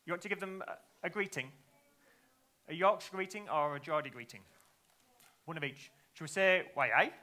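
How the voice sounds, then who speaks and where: High bouncy guy doing a kids magic show, bright voice, faint crowd of kids in back. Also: normal speed, pauses often. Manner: playful, teasing, asks the audience lots of questions. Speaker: children's magician. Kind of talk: live kids' show patter. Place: live show in front of children.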